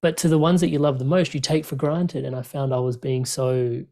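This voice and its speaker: A man talks through personal experience in an open, earnest way. His voice is dark and mellow, and he often restarts his sentences and fills pauses with "you know" and "like." It sounds like a relaxed conversation between friends. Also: medium pitch. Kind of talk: reflective conversational chat.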